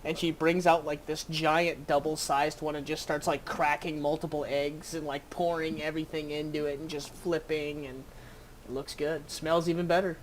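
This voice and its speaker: Halting game master describing a scene. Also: medium pitch, level tone, slight background noise. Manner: halting, full of fillers and restarts. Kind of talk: narrating a tabletop game.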